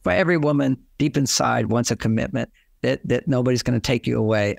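A man's voice: medium pitch, fast, creaky, no echo, clean studio sound. A man giving relationship advice as a guest in an interview, rambling and often acting out quoted dialogue.

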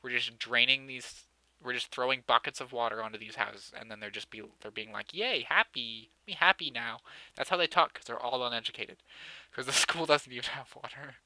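There's slight background noise as a young man with a sharp, mid-range voice briskly narrates his city-building game in casual let's-play style. He jokes sarcastically, pokes fun at himself, and laughs often.

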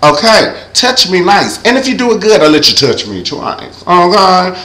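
A man's voice: high voice, big pitch swings, normal speed, sharp tone, roomy sound, low-quality recording. A young man giving a sassy, campy recap of an awards show, breaking into sung impressions. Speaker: vlogger reviewing an awards show.

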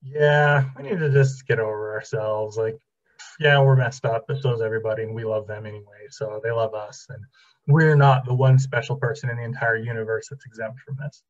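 A man's voice: medium pitch, steady tone, a little fast, lo-fi sound. A man teaching a relationship class in a casual, conversational lecture, telling stories and acting out dialogue. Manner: conversational, acts out quoted dialogue. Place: library classroom.

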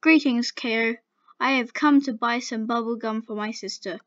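A woman's voice: a little high, moderate pace, no room sound, close to an everyday voice. A woman voicing a nerdy, formal alien girl who is lovestruck, in a dull lo-fi home recording. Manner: stiff, formal wording.

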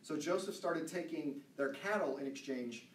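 In a church room, a man leads a Bible study in a chatty, loose way, drifting into asides and reading scripture aloud. His voice is fairly high and moderately paced, picked up off-mic from a distance with roomy echo, faint ambience, and a little hiss or hum.

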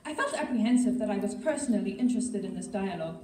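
A woman's voice: medium pitch, quick pace, slight background noise. Woman reading a story in an echoey hall. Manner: steady storytelling with occasional slips. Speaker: reader at a school assembly. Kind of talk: reading a novel aloud. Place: school assembly hall. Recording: echoey hall, mic far off.

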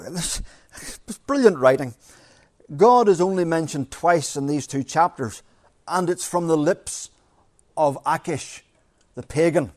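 A man's voice: fairly high pitch, darkish tone, no room sound, clean studio sound. A middle-aged man preaching a sermon in a church, earnest, repeating phrases and asking rhetorical questions. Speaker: pastor.

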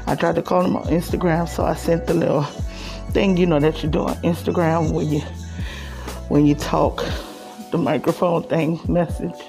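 A middle-aged woman, crying as she talks haltingly in a personal vlog. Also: low-pitched, steady tone, creaky, music in the background. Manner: tearful, halting, repeats herself. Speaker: vlogger.

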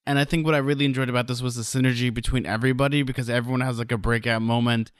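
Smooth-voiced man co-hosting a podcast. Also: mid-range voice, racing, no room sound, clean studio sound. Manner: relaxed, chatty, often finishes the other host's sentences. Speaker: podcast co-host. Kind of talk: casual chat.

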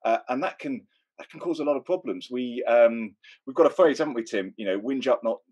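A man's voice: mid-range voice, animated, a little fast, darkish tone, dull audio, a little hiss or hum. A middle-aged British man co-hosting a podcast, explaining points with everyday examples. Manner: conversational, illustrates with examples. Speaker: podcast co-host. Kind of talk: casual chat.

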